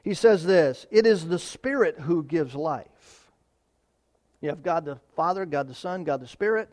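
A man preaching a sermon, swinging from loud emphatic declarations to quiet, quick asides while reading scripture. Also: a little high, animated. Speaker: pastor.

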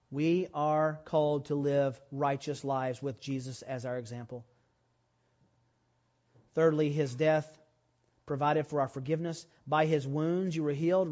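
A man preaching a sermon, telling a personal story and rising to loud, emphatic preaching. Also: on the high side, highs cut off. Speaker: pastor.

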